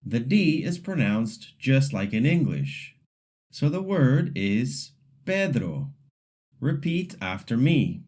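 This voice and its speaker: A man teaching pronunciation in a scripted lesson, saying model words slowly and deliberately so learners can repeat them. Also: medium pitch, big pitch swings, a little mellow.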